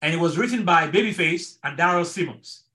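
A man's voice: a little high, animated, brisk, pushed and bright. A middle-aged man teaching an online marriage class as a pastor, earnest and repeating his words to stress each point. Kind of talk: online sermon-style teaching.

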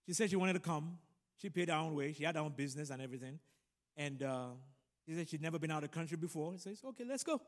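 A middle-aged man preaching a sermon and telling a personal story, animated and building to loud emphatic peaks. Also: a little high, quick pace. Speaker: pastor. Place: large church room. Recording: long hall reverb.

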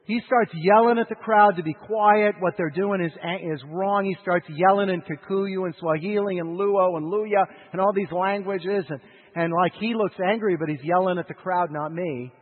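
A husky man preaches, his slightly high voice shifting from loud urgency to hushed lows. The sound is thin and tinny like a radio broadcast, with a long hall echo trailing his words. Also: moderate pace. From United States. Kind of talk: sermon storytelling.

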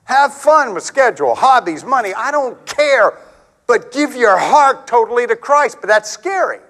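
A middle-aged man preaching with a high, lively voice that leaps up and down in pitch. He talks to the congregation like friends, acting out the people in his stories as he goes. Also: normal speed, low-quality recording. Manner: animated, conversational, acts out quotes with big pitch swings. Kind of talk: sermon.

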